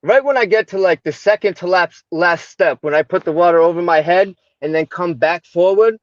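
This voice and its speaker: American guy, raised pitch, dry close sound, chatty storyteller full of fillers and tag questions, voices the other people in his story. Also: moderate pace, dry recording. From United States. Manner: animated, retells dialogue, many fillers and tag questions. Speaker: livestream guest. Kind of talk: personal storytelling in conversation. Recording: dull lo-fi livestream audio.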